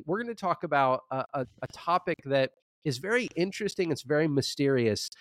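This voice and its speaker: A man co-hosting a scholarly debate show, presenting his position in a measured way with frequent restarts. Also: mid-range voice, no room sound. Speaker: co-host, Old Testament scholar.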